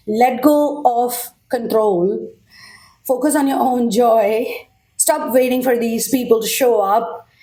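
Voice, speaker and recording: A woman's voice: a little high, warm tone. Reassuring woman giving a tarot reading. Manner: reassuring, direct, frequent "okay?" check-ins. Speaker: tarot reader.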